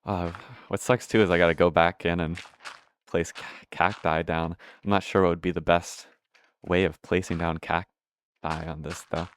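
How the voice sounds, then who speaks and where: A man streams gameplay with rambling, profane, self-deprecating commentary, sounding out of breath. He speaks at normal speed in a low voice with flat delivery, over slight background noise.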